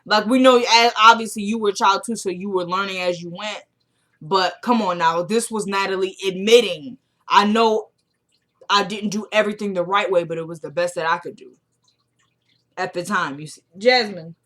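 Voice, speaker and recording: A woman talks through a TV episode in a relaxed, chatty way, as if to a friend. She plays out the characters' dialogue in her own voice and leans on casual fillers. Her pitch sits in the ordinary middle range for a woman. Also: moderate pace. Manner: chatty, retells scenes by acting out quoted dialogue; fillers like "you know what I'm saying". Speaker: TV episode recapper.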